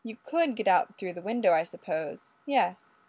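A woman voicing a courtly, mild old male Mountie with a polite, unhurried, old-fashioned manner. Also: medium pitch, expressive, darkish tone, husky, no echo. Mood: genial.

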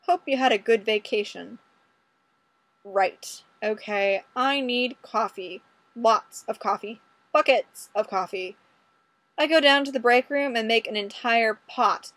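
A woman's voice: on the high side, unhurried, a bit bright, no echo. A woman reading a first-person story aloud in a wry, conversational manner. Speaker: audiobook reader.

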